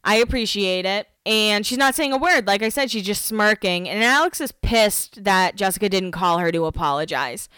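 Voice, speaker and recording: Woman host, gossipy reality-TV recap, smooth clear voice, dry close sound. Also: moderate pace, hardly any pauses, pushed and bright, no echo. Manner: gossipy, jumps between topics, acts out quotes in a higher voice. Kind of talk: casual chatty recap. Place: home, alone.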